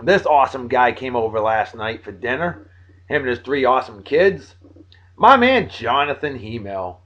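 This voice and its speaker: A man's voice: medium pitch, sing-song, moderate pace, dull audio. Tired, joking man in his forties. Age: 40s. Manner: joking, friendly, swinging between loud bursts and mumbles. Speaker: video blog host. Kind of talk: casual shout-outs to friends.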